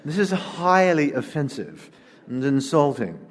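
A man's voice: fairly high pitch, sing-song, unhurried. A man voicing a snobbish aristocratic lady in a put-on British accent, lofty and offended, with long church-hall reverb. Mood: indignant.

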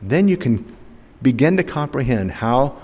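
An older man preaching a sermon, rising emphatic and dropping to soft, slow phrase endings. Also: mid-range voice, very animated. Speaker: pastor. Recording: long hall reverb.

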